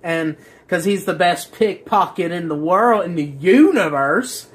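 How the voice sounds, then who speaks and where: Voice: medium pitch, expressive, unhurried. A book reviewer rambling casually through a plot, crude and sarcastic, with filler words and restarts.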